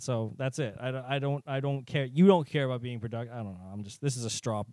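A man's voice: medium pitch, moderate pace, no room sound. A man hosting a podcast in casual chat, rambling and swearing, often laughing at himself. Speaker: podcast host.

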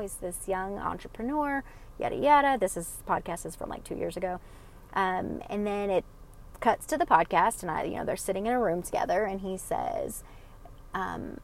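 A woman telling viewers a rambling personal story in casual chat, with lots of fillers and restarts. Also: mid-range voice. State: emotional, choking up. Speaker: podcast listener sharing a story.

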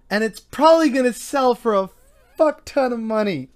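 News ranter, sarcastic, furious, swears constantly, mid-pitched voice. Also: lively intonation, normal speed. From Canada. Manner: angry, sarcastic, heavily profane. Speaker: news commentator. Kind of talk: ranting news commentary.

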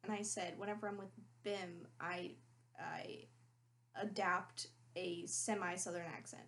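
A woman's voice: on the low side, flat delivery, unhurried, fairly bright tone, a little hiss or hum. A woman with a Maryland accent hosting a casual podcast chat, teasing and giggly as she quizzes her friend. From Maryland, USA. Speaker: podcast co-host running the spelling bee.

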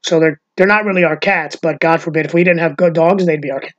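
A man in his fifties from New York has a fairly high, steady, slightly bright voice and talks fast, with dull audio over a video call. Hosting a casual podcast chat, he rambles and swears freely.

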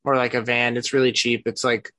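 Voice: medium pitch, level tone, brisk, a bit bright, no echo. Easygoing podcast co-host, dry sound. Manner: easygoing, chatty storytelling. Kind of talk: casual chat.

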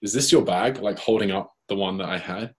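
A man with a British accent, a guest telling a lively anecdote in casual chat and acting out the quoted lines. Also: sits low, a little fast, husky. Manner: lively anecdote, acts out his own and others' quoted lines. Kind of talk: casual storytelling.

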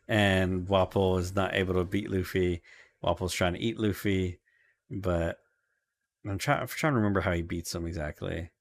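A man with a lowish voice chats loosely as a podcast co-host, rambling through a recap with frequent filler words and quick laughs. His voice sits close and dry, with no room sound around it. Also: dry recording. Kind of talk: casual recap chat.

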